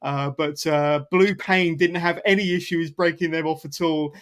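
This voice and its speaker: A man's voice: a little high, steady tone, normal speed, a bit bright, clear, resonant tone. A man hosting a casual podcast interview, rambling and enthusiastic with lots of fillers. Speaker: podcast host.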